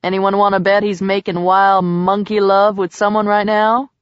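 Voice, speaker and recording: A woman's voice: medium pitch, flat delivery, moderate pace, clear, resonant tone, dry recording, lightly acted. A woman voicing a playful young woman who teases and coos, in a slightly muffled recording. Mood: teasing. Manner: teasing, cooing. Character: playful teasing young woman, lively aunt.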